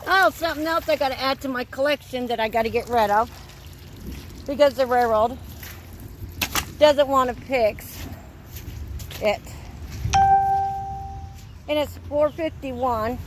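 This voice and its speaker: A woman's voice: high-pitched, slight background noise. A woman filming her flooded back yard on her phone, upset and exasperated, telling the viewer again and again to look. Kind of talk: phone video walk-through, complaining. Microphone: handheld phone.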